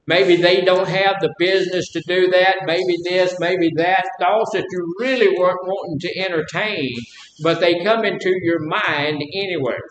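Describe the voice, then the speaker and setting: A man with a Southern drawl teaches a live class, folksy and fond of quizzing his listeners. His voice sits a touch high. The room is echoey, with a faint rumble underneath. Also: fairly even intonation, moderate pace, fairly bright tone. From Mississippi. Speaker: class instructor. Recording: roomy echo, faint rumble.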